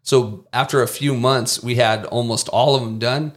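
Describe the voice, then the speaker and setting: Podcast guest, male, mid-pitched, laid-back storyteller who imitates the people in his stories. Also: normal speed. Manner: lively anecdotes, mimics people he quotes, casual swearing. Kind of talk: casual storytelling.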